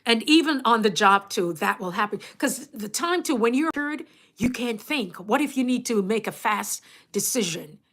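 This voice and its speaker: A woman with a Jamaican accent, hosting a casual livestream and chatting to her viewers, animated and laughing often. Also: on the high side, moderate pace. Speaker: YouTube coach and livestream host.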